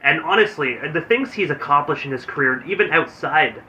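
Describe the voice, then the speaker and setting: A man's voice: a little high, expressive, a little fast, pushed and bright, slight background noise. Chatty male host on a muffled line. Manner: chatty fan enthusiasm. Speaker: radio show host. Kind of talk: casual interview chat.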